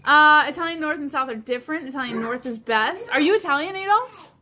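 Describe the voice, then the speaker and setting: A woman's voice: high-pitched, animated, fairly quick, crowd noise. A woman hosting a livestream in casual chat, rambling along with lots of fillers like "like". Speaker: livestream host.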